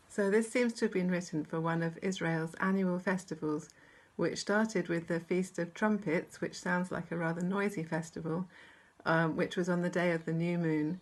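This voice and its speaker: A woman with a British accent gives a short devotional, her voice sitting a little low. She reads scripture and reflects on it in a measured, gentle way. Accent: British English. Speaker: church speaker.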